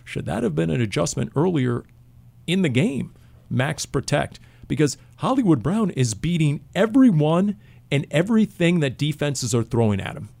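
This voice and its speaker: A man co-hosting a sports podcast, telling animated stories and joking with his co-hosts in casual chat. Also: mid-range voice, creaky. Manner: animated storyteller, jokey. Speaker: podcast co-host.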